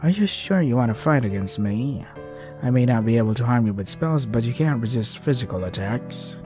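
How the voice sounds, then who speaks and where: A man's voice: mid-range voice, animated, fairly quick, over music, natural voice. A man reading as a smug, cruel sorceress. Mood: taunting.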